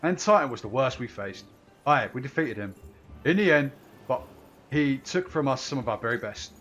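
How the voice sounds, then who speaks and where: A man's voice: medium pitch, expressive, moderate pace, fairly bright tone, muffled recording, faint music behind, natural voice. A man reading game lines aloud, voicing a stern, weary, grizzled old pirate captain.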